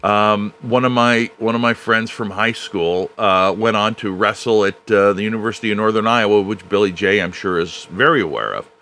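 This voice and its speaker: A man hosting a podcast, chatting casually in a halting way with frequent "uh" pauses. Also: on the low side, bright, forceful tone. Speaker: podcast host. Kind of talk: casual chat.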